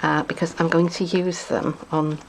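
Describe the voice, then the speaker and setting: A woman demonstrates card making in a casual craft tutorial, chatting, thinking aloud, and tossing in playful asides. Her voice is low, gravelly, and flat, at a moderate pace, over a noisy background.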